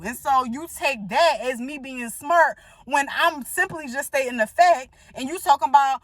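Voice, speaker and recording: A woman's voice: high-pitched, normal speed, few pauses, dry recording. A grown woman telling a heated storytime rant, emphatic and full of profanity. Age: adult. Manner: emphatic, profane, animated retelling. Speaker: vlogger.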